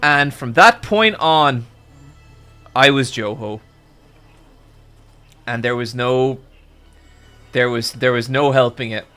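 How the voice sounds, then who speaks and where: A young man telling a long, animated story to his stream chat, swearing often and stumbling over restarts. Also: medium pitch, takes it slowly, long pauses, faint music behind. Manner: animated, swearing, with frequent restarts and "I'm like" quotes.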